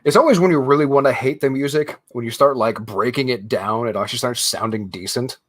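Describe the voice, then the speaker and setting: A man's voice: mid-range voice, brisk, a bit bright, no echo. A young man co-hosting a podcast, telling stories in a laid-back, casual way. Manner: laid-back storytelling with frequent laughs. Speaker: podcast co-host. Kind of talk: casual chat.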